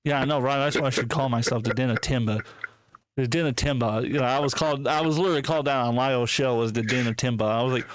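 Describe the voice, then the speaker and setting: A male podcast host rants casually with heavy profanity, mocking and indignant, reading posts aloud and laughing. He talks fast in a medium-pitched, clean voice, and the recording is dry.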